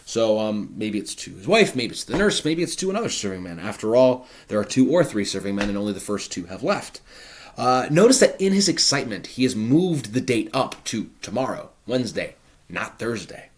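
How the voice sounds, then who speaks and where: A man's voice: fairly low pitch, very animated, a little fast. A man teaching a play, explaining each line in a conversational, paraphrasing way with casual fillers. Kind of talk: explanatory literature lesson.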